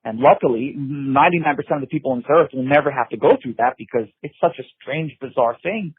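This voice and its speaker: Speaking fast at medium pitch with a breathy edge and no echo, a middle-aged interview guest tells of his past over the phone. It's an intense, emphatic recollection, repetitive, with frequent restarts and "you know"s.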